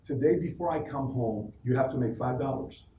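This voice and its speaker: Stern demanding father, as a man tells it, firm flat commands, echoey room, distant mic. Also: medium pitch, normal speed, slight background noise, close to an everyday voice. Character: stern father testing his young son.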